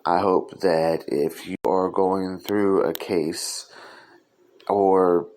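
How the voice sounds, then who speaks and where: Low-voiced man hosting a solo podcast. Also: fairly even intonation, very slow, a little mellow. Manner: loose and conversational, with frequent "um" fillers; earnest, sincere delivery. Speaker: podcast host. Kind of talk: casual solo podcast monologue.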